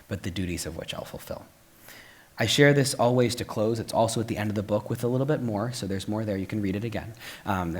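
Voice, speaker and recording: Young man, lowish voice, speaking on stage at a live talk. Animated storyteller with playful asides, many "um" fillers, earnest when he closes. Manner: turns soft and earnest at the close. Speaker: author and speaker.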